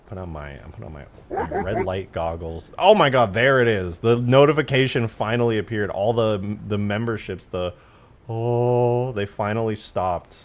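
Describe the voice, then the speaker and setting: Lively low-voiced young man streaming. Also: normal speed, slight background noise. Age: 20s. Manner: rambling, profane storytelling with slang. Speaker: modding live-streamer. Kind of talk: casual live-stream chat.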